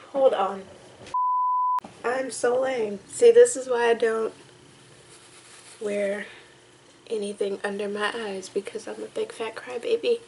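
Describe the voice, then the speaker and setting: A young woman vlogging to camera, emotional and tearful, talking in halting, rambling sentences full of restarts. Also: a little high, steady tone, gravelly, noisy background. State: tearful, crying on and off. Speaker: vlogger reacting to music. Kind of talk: casual emotional talk to camera.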